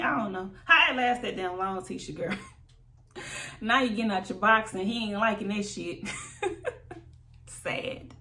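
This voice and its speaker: A woman's voice: on the high side, slight background noise. A woman giving a casual, gossipy recap of a reality show, laughing often and acting out what people said. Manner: laughs often, gossipy and animated, acts out quotes.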